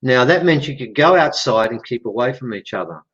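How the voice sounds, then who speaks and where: An Australian man speaking as a podcast guest, telling a story with lively back-and-forth quoted dialogue. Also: mid-range voice, fairly quick, breathy edge, dull audio. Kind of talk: animated storytelling in conversation.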